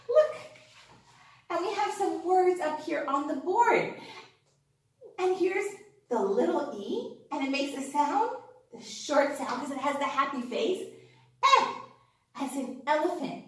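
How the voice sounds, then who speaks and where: A woman teaching young children a phonics lesson, animated and sing-song, gasping with wonder and cheering them on. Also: sits high, measured pace, very echoey, recorded from a distance. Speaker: kindergarten teacher.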